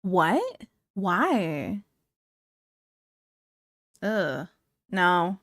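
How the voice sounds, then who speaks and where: A woman's voice: lowish voice, big pitch swings, drawn-out words, a bit bright, no room sound, studio quality. A woman live streamer chatting casually with her viewers, blunt and candid, laughing often. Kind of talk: casual chat reacting to viewer comments.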